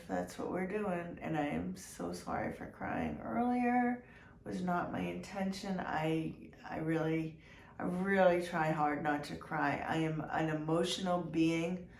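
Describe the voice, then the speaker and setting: A woman giving a heartfelt personal update to her viewers, congested from a cold, talking slowly with many ums and restarts. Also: fairly low pitch, creaky. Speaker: vlogger. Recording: echoey room with faint noise.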